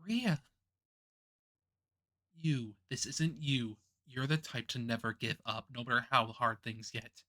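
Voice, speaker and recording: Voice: medium pitch, slow pace, long pauses, sharp tone. A game streamer voicing the heroine's worried young female friends, urgent and insistent. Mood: alarmed. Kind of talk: reading a visual novel aloud.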